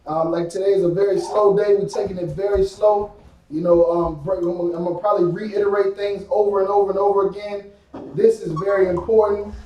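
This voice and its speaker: A man's voice: high-pitched, fairly even intonation, brisk, dull audio. A man teaching a live-streamed class, casual and repetitive, with many fillers. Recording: echoey room from far off.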